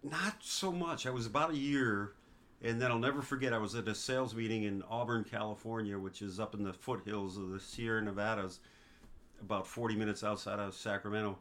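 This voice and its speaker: A man's voice: on the low side, steady tone, a little fast, fairly bright tone. A man in his fifties from the American East Coast, telling long anecdotes as a guest in a casual chat. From East Coast of the United States. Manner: leisurely anecdotal storyteller who acts out others' lines. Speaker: guest, father of the host.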